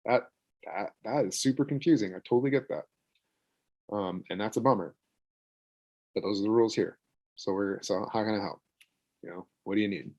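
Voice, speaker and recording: A man's voice: lowish voice, a little fast, dark tone, lo-fi sound. A man leading an online parent workshop as a therapist, talking casually with many fillers and acting out what parents and kids might say. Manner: chatty, lots of fillers, acts out parent and kid lines. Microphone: video call.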